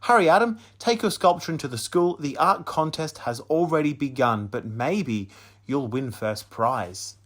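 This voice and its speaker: A man voicing an enthusiastic female schoolteacher in an audiobook reading, with effusive, high praise. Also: measured pace, fairly bright tone. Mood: hurried. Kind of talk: audiobook character voice.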